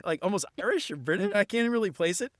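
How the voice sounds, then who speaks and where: A man's voice: high voice, animated, quick pace, fairly bright tone, no room sound, clean studio sound. A man hosting a podcast, enthusiastic and upbeat, with casual slang. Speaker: podcast host. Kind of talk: casual interview chat and show promo.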